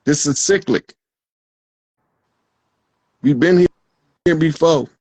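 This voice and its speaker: Man, emphatic, proclaiming, slow, slightly high pitch, dry close sound. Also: darkish tone, no room sound, rough recording. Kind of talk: casual spiritual chat.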